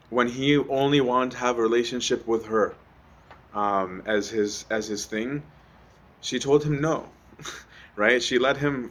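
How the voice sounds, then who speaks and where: A young adult man giving a conversational sermon, often asking "right?" with many ums. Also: fairly low pitch. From Egypt. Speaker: preacher.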